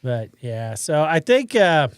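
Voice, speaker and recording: A man's voice: fairly high pitch, sing-song, takes it slowly, clear, resonant tone, no room sound, studio quality. A man from Iowa with a slight Midwestern accent, co-hosting a casual podcast chat and putting on silly accents for jokes. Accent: Midwestern hint. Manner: jokey, slips into mock accents for laughs. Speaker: podcast co-host.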